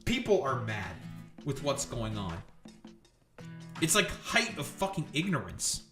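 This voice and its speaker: A man's voice: medium pitch, huge pitch swings, a little slow, a bit bright, echoey room, faint music behind. A man ranting on a live stream in a profane, sarcastic, exasperated way.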